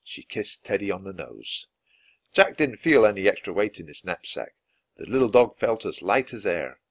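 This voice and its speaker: Expressive man reading a children's book. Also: lowish voice, moderate pace, dry recording. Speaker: storybook reader. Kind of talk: children's book read aloud for learners.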